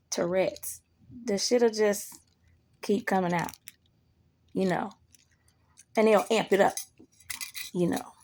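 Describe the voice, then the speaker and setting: Gravelly, slow-talking woman vlogger. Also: mid-range voice. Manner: blunt, profane, animated quoting of others. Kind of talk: casual monologue.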